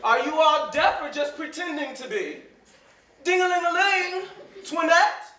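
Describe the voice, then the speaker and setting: Guy doing a whiny sick old master, slow and high, echoey stage from far off. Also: expressive, full character voice. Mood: grumbling. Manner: complaining, theatrical wailing and shouting. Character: whiny hypochondriac old master, petulant and bossy. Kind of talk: stage comedy acting. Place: theater stage. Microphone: distant room mic. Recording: echoey theater recorded from afar.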